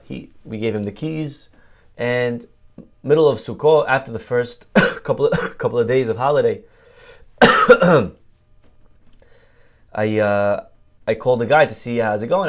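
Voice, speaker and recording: A middle-aged rabbi with a mid-range voice delivers a sermon, sharing a personal story in an animated, conversational style.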